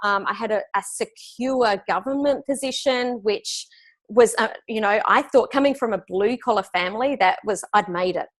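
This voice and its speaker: An Australian woman in her forties, a business coach and guest, telling stories in an upbeat, animated way. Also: medium pitch, moderate pace. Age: 40s. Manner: upbeat, animated storytelling with frequent laughs. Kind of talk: conversational interview.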